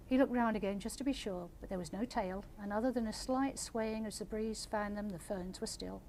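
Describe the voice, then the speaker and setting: An older woman, an author, reading her story aloud in a measured, gentle way and answering audience questions. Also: medium pitch, slight background noise. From England.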